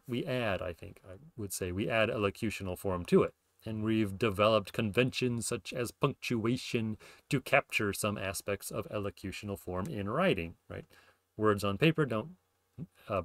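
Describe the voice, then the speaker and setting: A man talks through ideas in a relaxed lecture for his podcast, pausing on fillers and correcting himself as he goes. His voice sits on the low side, recorded close and dry with no room sound. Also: no room sound. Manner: thinking aloud, frequent fillers and self-corrections. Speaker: podcast host explaining linguistics. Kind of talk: casual explanatory lecture.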